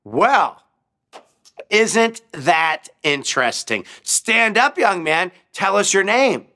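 A man's voice: high-pitched, sing-song, takes it slowly, pushed and bright, voice pushed up, full character voice. A male preacher voicing a sarcastic, mocking professor in a sermon story, sneering and theatrical.

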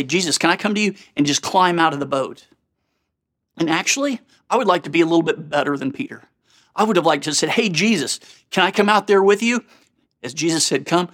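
A man delivers a sermon in a slightly higher register. He speaks earnestly and conversationally, often turning to his listeners with questions. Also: a bit bright. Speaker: pastor.

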